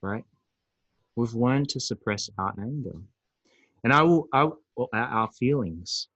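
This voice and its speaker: A man presenting a recorded webinar on emotions, animated and acting out angry outbursts. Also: medium pitch, a little slow, no room sound, highs cut off. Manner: animated, acts out angry voices.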